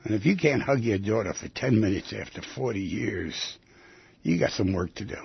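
A man's voice: medium pitch, lively intonation, brisk, creaky, slightly rough, no echo. A middle-aged man hosting a radio call-in show, counseling callers in a direct, coaxing, plain-spoken way. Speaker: radio call-in host and therapist. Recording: dry, muffled radio broadcast audio.

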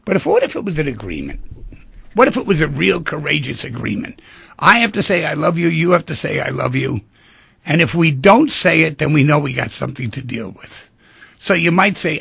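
Man, radio talk host, middle-aged, husky breathy tone, dry close mic. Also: fairly high pitch, big pitch swings, normal speed, fairly bright tone, dry recording. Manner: conversational, acts out quoted voices. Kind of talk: reflective monologue on relationships.

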